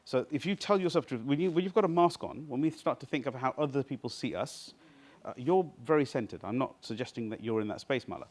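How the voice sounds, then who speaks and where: A man's voice: mid-range voice, animated, fast talker, darkish tone. A man runs a live workshop for a small group, his voice rising and falling in wide swings. He talks to them directly and keeps checking that everyone follows along. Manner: interactive, keeps checking with the audience. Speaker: seminar trainer. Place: seminar room with a small group.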